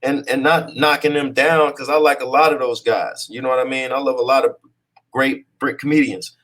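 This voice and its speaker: A man of ordinary pitch talks easily as an interview guest. His delivery is loose and conversational, and he keeps checking in with his listener. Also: fairly even intonation, normal speed, a bit bright. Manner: laid-back, peppers talk with "you know what I'm saying". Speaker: actor being interviewed.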